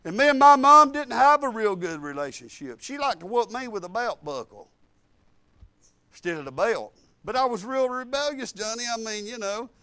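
A male preacher, delivering a sermon with repeated emphatic phrases and quiet, confiding asides. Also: extremely high pitch, animated, moderate pace, clear, resonant tone, dry recording.

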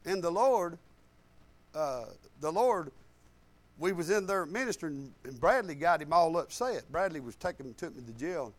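A man's voice: high voice, lively intonation, a little fast, a bit bright. A man in his fifties preaching a sermon, telling folksy personal stories in casual, colloquial grammar.

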